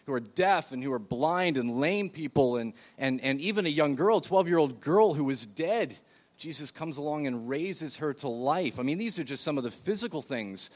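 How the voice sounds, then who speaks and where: A man's voice: on the high side, animated, moderate pace. A man preaching a sermon in a church, talking in a loose, conversational way with frequent fillers and restarts while seated. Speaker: pastor.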